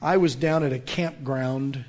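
A middle-aged man preaching a sermon, swinging between loud dramatic lines and hushed, slow asides. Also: mid-range voice. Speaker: pastor.

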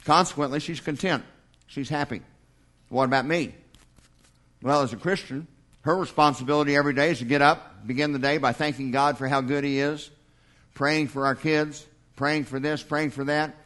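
High-voiced older pastor preaching. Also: male voice, steady tone, moderate pace, fairly bright tone. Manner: folksy, humorous preacher with mock dialogues. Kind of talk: sermon.

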